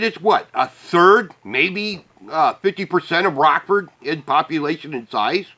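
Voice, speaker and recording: Here a man from the U.S. Midwest delivers a heated, expletive-laden rant to his camera, laughing with bitterness. He sounds a little high and expressive, speaking somewhat slowly in a sharp tone.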